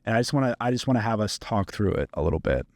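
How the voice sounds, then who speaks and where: A man's voice: fairly low pitch, animated, very fast, darkish tone, no room sound, clean studio sound. A man hosting a podcast, chatting in a friendly, reflective way with loose phrasing. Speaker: podcast host. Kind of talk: casual podcast chat.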